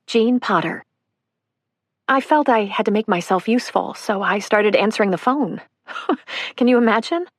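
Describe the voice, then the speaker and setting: A woman's voice: mid-range voice, lively intonation, normal speed, pauses often, dry recording, clean studio sound. A woman narrating a survivor's first-person account for an audiobook, earnest and emotional.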